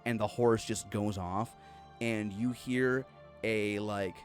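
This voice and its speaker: A man's voice: fairly low pitch, fairly even intonation, slow, faint music behind. A man running a horror tabletop game as game master, narrating loosely with plenty of fillers.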